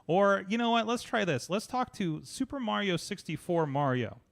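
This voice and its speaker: A man's voice: high voice, big pitch swings, normal speed, vocal fry. A man hosting a casual tech podcast who talks in looping restarts and reads chatbot replies aloud. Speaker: podcast host.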